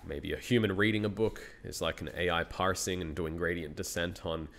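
A man's voice: low voice, fairly even intonation, a little fast, creaky, a bit bright. A man in his thirties with an Australian accent, a university researcher talking as a guest in a casual interview, thinking aloud and laughing often.

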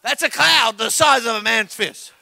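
A man preaching a sermon as a guest pastor in a church, animated and joking with the congregation. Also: extremely high pitch, normal speed, creaky, no room sound. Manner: animated, jokes with the congregation, acts out story voices. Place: church auditorium. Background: soft keyboard music.

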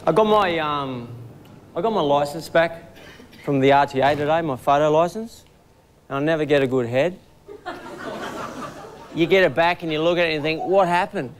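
Male Australian stand-up, deadpan self-deprecating delivery. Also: on the high side, moderate pace, long pauses, a little hiss or hum. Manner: dry, self-deprecating storytelling. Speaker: stand-up comedian, presenter. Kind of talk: stand-up comedy and presenting.

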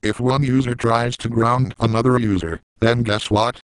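A man delivering a scripted rant in a flat, measured way. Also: mid-range voice, clear, resonant tone, dry recording, poor audio. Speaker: YouTube ranter.

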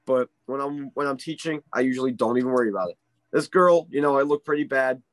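A man who works as a ski instructor tells a story in a casual interview. He is animated and keeps checking in with "right?". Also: mid-range voice, quick pace, no room sound.

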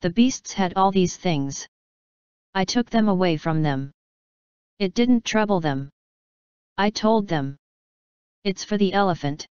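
A woman's voice: medium pitch, lively intonation, a little slow, long pauses, darkish tone, clear, resonant tone, no echo, highs cut off, lightly acted. Woman reading as a cocky young street boy. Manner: brash, slangy, bossy.

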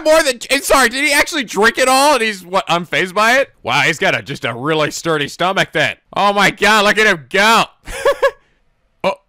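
Excitable, bright-voiced man reacting. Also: high-pitched, a little fast, no echo, clean studio sound. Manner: excitable, laughs and exclaims often. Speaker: anime reaction host. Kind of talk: reacting to an anime episode.

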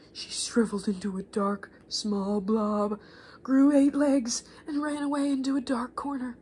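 Woman softly whispering a story. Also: a little high, a little hiss or hum. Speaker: ASMR creator. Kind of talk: whispered role-play.

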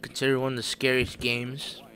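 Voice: medium pitch, completely flat delivery, normal speed, bright, forceful tone. A gaming YouTuber reacting to a horror game, jumpy, with sudden shrieks and constant claims of not being scared.

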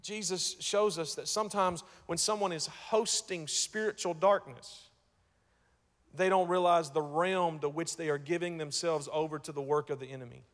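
A man preaching a sermon as pastor, telling a story and repeating words as he starts, moving between hushed and loud passages. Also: fairly high pitch, steady tone, normal speed, long reverb tail. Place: church sanctuary.

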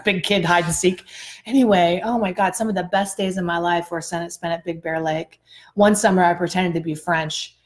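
A bubbly woman co-hosting a casual live self-growth chat, telling stories with frequent laughs and big pitch swings. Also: fairly even intonation, moderate pace. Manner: chatty storyteller, sparks off tangents.

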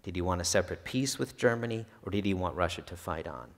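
In a library event hall, a deep-voiced, gravelly man talks fast as he presents his history book to the public. He shares anecdotes in an easygoing way, hesitating now and then with fillers, and the recording carries a hall's long reverb.

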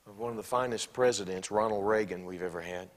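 Man, preacher, sermon, church, animated, acted-out quotes. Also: fairly low pitch, quick pace. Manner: animated, acts out quoted speech in bursts.

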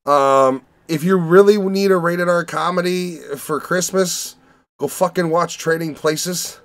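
A young man from the Chicago area, hosting a casual movie podcast and talking in a profane, rambling, animated way. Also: high voice, measured pace. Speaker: podcast host reviewing movies. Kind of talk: casual chat.

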